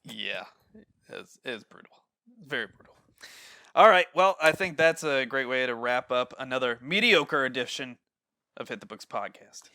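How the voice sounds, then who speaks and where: Bright, crisp-voiced man hosting a podcast. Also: medium pitch, animated, moderate pace, no echo. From Ohio, USA. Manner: rambling, laughs often, many fillers. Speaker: podcast host. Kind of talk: casual podcast chat. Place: home.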